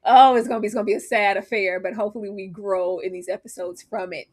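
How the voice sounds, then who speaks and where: A woman co-hosting a casual chat about a TV episode, animated and laughing often. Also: mid-range voice, fast. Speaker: podcast co-host.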